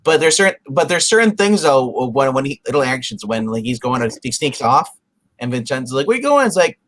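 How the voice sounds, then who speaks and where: A man co-hosting a casual review podcast, animated and often restarting his sentences. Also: medium pitch, a little fast. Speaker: podcast co-host.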